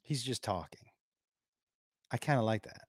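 A man's voice: mid-range voice, animated, moderate pace, slightly rough, no echo, studio quality. A man hosting a livestream in casual chat, rambling and thinking aloud to his viewers. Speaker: livestream host.

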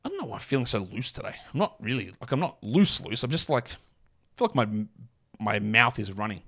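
A man's voice: mid-range voice, very animated, brisk, bright, forceful tone. A man hosting a solo sports podcast, talking in a blunt, rambling, self-mocking way. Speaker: podcast host. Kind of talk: casual solo podcast talk.

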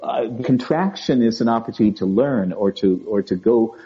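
Gentle man with a dull, mellow voice. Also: fairly low pitch, moderate pace. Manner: gentle, repeats and restarts words, often asks "right?" and "you know?". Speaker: guest speaker on emotional wellbeing. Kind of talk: conversational interview. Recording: dull lo-fi audio.

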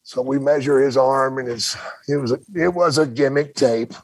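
A man's voice: medium pitch, normal speed, no echo. An older man, a podcast host, telling a colorful, profane story and acting out the quotes of other people. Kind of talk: casual storytelling chat.

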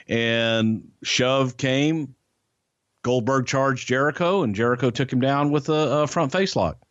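A man co-hosting a podcast, swapping backstage stories in a relaxed, rambling way. His voice is mid-pitched, recorded close and dry with a slightly dull, lo-fi tone. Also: dry recording. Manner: relaxed anecdotal telling with hedges. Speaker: podcast co-host, former wrestling insider. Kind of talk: casual storytelling chat.

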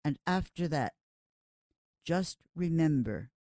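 An older columnist reads a personal piece in short, deliberate phrases. The pace is unhurried and careful. The voice sits dry and close, with no room around it. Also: medium pitch, lively intonation, a little mellow, no echo. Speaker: gossip columnist. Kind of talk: reading a personal column aloud.

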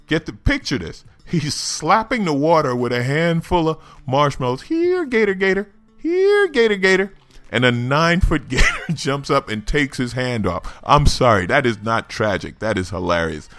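A man's voice: mid-range voice, expressive, normal speed, few pauses, a bit bright, no echo, soft background music. A man hosting a comedy news podcast, delivering sarcastic, mocking commentary and laughing at his own jokes. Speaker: podcast host.

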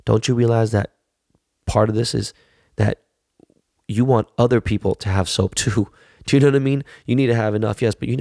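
A middle-aged man with a gravelly, fairly low voice, ranting bluntly with heavy swearing and stumbling repeats as he gets heated. The sound is dry and close, with almost no room echo. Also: mellow. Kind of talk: profane casual rant.

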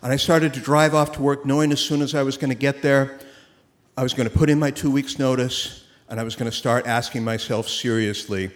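A man telling a personal story on stage at a live event, animated and often laughing as he speaks. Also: medium pitch, fairly quick. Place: theater stage before an audience. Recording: roomy live hall with faint noise.

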